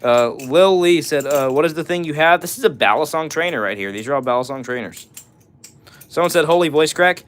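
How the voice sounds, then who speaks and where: Speaking briskly with lively intonation, this young livestream host has a voice on the high side and a fairly bright tone. He keeps things laid-back, reading out and responding to chat and slipping into brief snatches of song.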